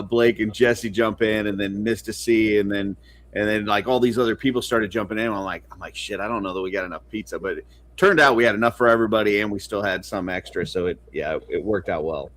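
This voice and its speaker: A man's voice: on the low side, moderate pace, fairly bright tone. A man co-hosting a podcast, rambling through a story and steering questions to guests. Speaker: podcast co-host. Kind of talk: casual chat.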